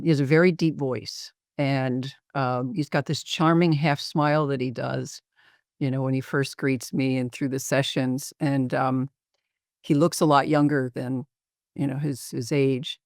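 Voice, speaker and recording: A middle-aged man with a slightly high, gravelly voice presents a clinical case over a video call. He talks in a measured, reflective way, pausing often to find his words. The sound is dry and close. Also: dry recording.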